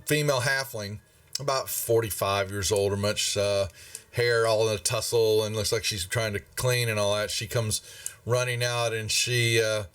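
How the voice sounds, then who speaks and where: A man running a tabletop game as game master, narrating in a halting way with lots of fillers. His voice sounds dry and a little off the mic. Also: on the low side, fairly even intonation, a bit bright, clean tone, no room sound, far from the mic.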